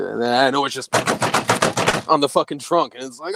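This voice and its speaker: A young man casually telling a spooky story, swearing a lot and jumping to a high voice when he quotes himself. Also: brisk, creaky, noisy background. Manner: profane, animated, voice jumps high when quoting himself.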